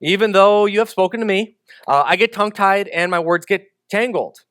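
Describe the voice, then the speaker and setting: A man's voice: high-pitched, normal speed, a bit bright, smooth, dry recording, studio quality. A man voicing Moses as a pleading, self-doubting man.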